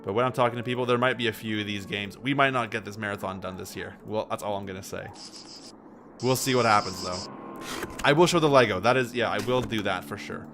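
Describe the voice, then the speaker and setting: A man's voice: fairly low pitch, quick pace, music in the background. A man livestreaming a detective game, chatting casually, laughing and quoting lines from the series. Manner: playful, quotes lines in silly voices, laughs often. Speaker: streamer playing a detective game.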